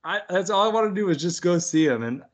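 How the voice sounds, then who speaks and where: A man's voice: high voice, lively intonation, fast. A young man animatedly telling a story in casual chat, swearing often and laughing through it.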